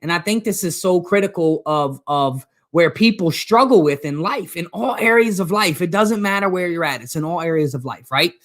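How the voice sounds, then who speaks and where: A man's voice: sits high, animated, moderate pace, few pauses, a bit bright. A man coaching his audience in an earnest, emphatic live talk, often repeating his phrases for effect. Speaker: motivational coach. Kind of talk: live-streamed motivational talk.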